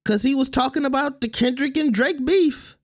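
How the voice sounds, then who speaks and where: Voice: sits high, moderate pace, no room sound, clean studio sound. A commentary host reacting to a clip, with mocking, sarcastic asides.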